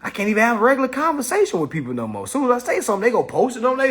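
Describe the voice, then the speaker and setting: A man teaching and mentoring, talking casually to his viewers in a blunt, profane, animated way. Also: very high-pitched, rapid-fire, few pauses, husky. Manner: blunt, profane, animated, keeps saying "all right".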